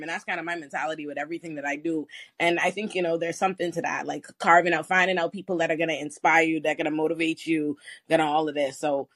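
A woman from the West Indies hosting a live call-in podcast, an attorney who talks in an animated, teasing, slangy way. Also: low-pitched, fast talker, dry recording. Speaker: host and attorney.

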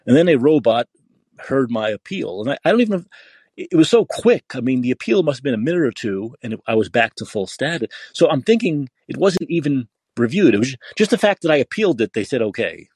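Angry, foul-mouthed male podcaster on a rant, husky, dry close sound. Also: mid-range voice, sing-song, brisk, darkish tone, dry recording. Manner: angry, profane, repetitive ranting. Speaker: podcast host. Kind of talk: political rant.

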